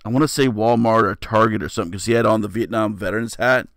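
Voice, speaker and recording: A man's voice: on the low side, steady tone, quick pace, a bit bright, dry recording. Laid-back joking man, dry close mic. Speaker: podcast co-host. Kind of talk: casual chat.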